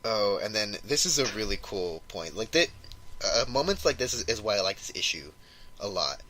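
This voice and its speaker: A young man co-hosting a podcast, excitedly retelling a comic story in casual chat, rambling as he goes. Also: on the low side, moderate pace, a little hiss or hum, poor audio. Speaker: podcast co-host.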